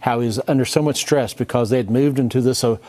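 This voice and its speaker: A man co-hosting a talk show, explaining with halting speech and many fillers. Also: medium pitch, fairly even intonation, darkish tone. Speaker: co-host. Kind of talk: casual chat.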